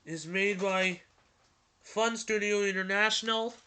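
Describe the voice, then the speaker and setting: A man hosting a casual vlog and reading a storybook aloud, talking in an excited ramble full of restarts. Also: high voice, measured pace, slight background noise. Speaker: host.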